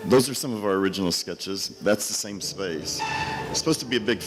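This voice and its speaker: A man's voice: on the low side, a little fast, over music. A man, a hospital architect, speaking at a fundraising banquet in a hotel hall, telling an anecdote and acting out the dialogue with growing emotion. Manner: storytelling, acts out the dialogue, grows emotional. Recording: long reverb of a large hall.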